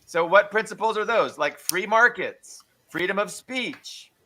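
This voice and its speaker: High, bright-voiced man on a rant. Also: measured pace. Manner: earnest, full of fillers. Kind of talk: casual political rant.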